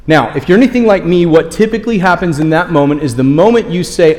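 A pastor with a slightly high, darkish voice delivers his sermon fairly quickly and with few pauses. He talks candidly and conversationally, often asking the congregation "okay?", and the church auditorium adds a long hall reverb.

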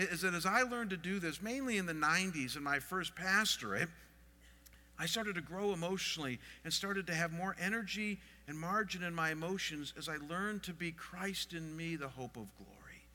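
A middle-aged man delivers a sermon in a high, very bright voice, questioning his listeners as he goes. His pastor's voice rings out with a long reverb from the hall around him. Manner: expressive, asks the audience questions.

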